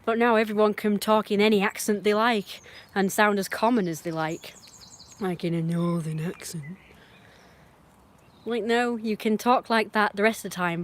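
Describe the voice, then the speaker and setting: A woman from northern England with a northern English accent, giving an opinionated, emphatic monologue on a livestream. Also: mid-range voice. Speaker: livestream host.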